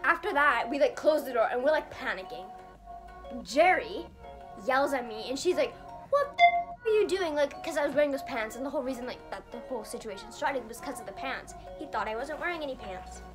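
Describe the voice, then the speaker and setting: A woman's voice: sits high, animated, a little fast, music in the background. A young woman telling a storytime vlog in casual chat, rambling with many fillers and acting out what people said. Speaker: vlogger.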